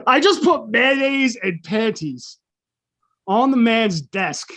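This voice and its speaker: A man's voice: very high-pitched, lively intonation, takes it slowly, sharp tone. A middle-aged man, a podcast co-host, telling a profane story in casual chat and acting out the people in it.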